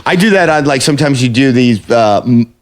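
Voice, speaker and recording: Animated storytelling man. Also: medium pitch, fairly quick. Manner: animated storyteller, acts out quotes in jumpy voices. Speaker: podcast host. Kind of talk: casual chat.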